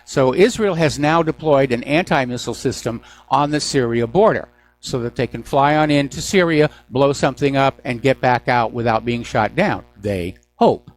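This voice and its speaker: A man's voice: medium pitch, moderate pace. A man hosting a news commentary call-in radio show, delivering sarcastic, mocking asides. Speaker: radio talk show host.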